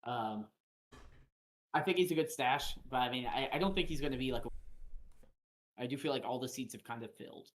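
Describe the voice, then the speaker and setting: A man's voice: mid-range voice, a little fast, pauses often. Man, mid-range voice, casual streamer talking through fantasy picks on a desk mic, loose and rambling. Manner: loose, filler-heavy analysis with frequent restarts. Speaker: fantasy football stream host. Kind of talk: casual live-stream chat.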